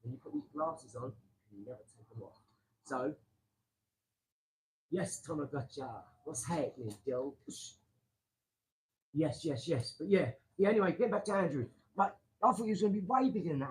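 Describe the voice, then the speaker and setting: A man hosting a casual live stream from his garage, rambling excitably and talking straight to his viewers. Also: fairly high pitch, normal speed, poor audio. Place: home garage.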